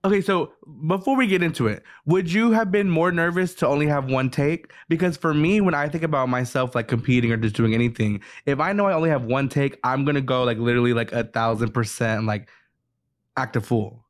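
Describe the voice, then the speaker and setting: A man's voice: mid-range voice, brisk. A man who is a guest on a podcast, chatting casually in a sassy, blunt way. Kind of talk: casual chat.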